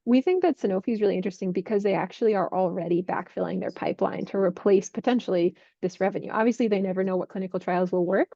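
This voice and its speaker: A woman working as a healthcare investment analyst, clearly and methodically explaining drug industry developments. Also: medium pitch, dark tone, no echo, lo-fi sound.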